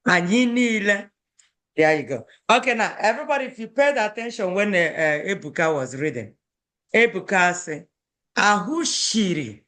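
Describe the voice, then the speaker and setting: A woman's voice: lowish voice, animated, fairly quick, a bit bright. A woman teaching a language class, patiently correcting students' pronunciation and modeling words with emphasis.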